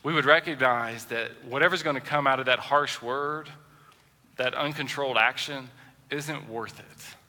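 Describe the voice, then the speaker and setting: A man preaching a sermon as pastor, animated and acting out the voices of the people he quotes. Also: mid-range voice, moderate pace, big-room sound.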